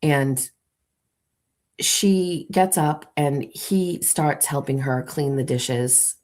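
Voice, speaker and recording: In a dark-toned bass voice, a woman hosting a morning show spins a comic tale for her live audience, playfully walking them through an imagined scene with theatrical flair.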